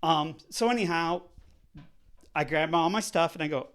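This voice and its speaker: A man vlogging, telling a personal story in a casual, animated way, swearing often and swinging between loud outbursts and soft asides. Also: a little high, moderate pace.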